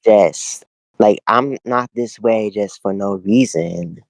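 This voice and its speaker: Speaking slowly in a lowish, creaky voice, this young podcast co-host keeps things laid-back and reflective, leaning on lots of filler words. He's recording outdoors in his home backyard, and there's no room sound.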